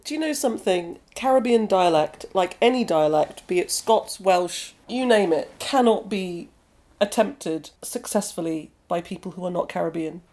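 A woman's voice: lowish voice, lively intonation, moderate pace, darkish tone. Reflective English-accented woman novelist. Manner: reflective, conversational, with trailing restarts. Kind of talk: interview conversation.

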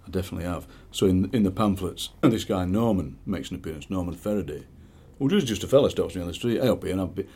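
Low, husky, and fast with few pauses, this middle-aged poet's voice carries a Barnsley accent from South Yorkshire, England. Chatting in an interview and reading his work, he animates his stories by mimicking the people he quotes.

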